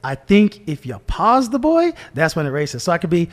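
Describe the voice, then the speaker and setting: A man's voice: on the high side, brisk. A man telling a story in casual podcast chat, acting out the voices of the people in it. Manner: animated, acts out voices in his stories.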